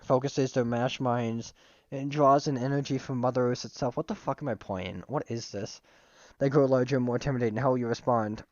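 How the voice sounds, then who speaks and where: A man's voice: medium pitch, steady tone, brisk, a little mellow, no room sound, muffled recording. Joking man reading a game aloud. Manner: joking, laughing and swearing at the game. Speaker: streamer. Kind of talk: casual game playthrough, reading text aloud.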